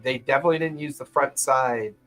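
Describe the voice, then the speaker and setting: A man narrating as game master in a tabletop game, describing scenes at an unhurried pace and chuckling often. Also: medium pitch, fairly bright tone, poor audio.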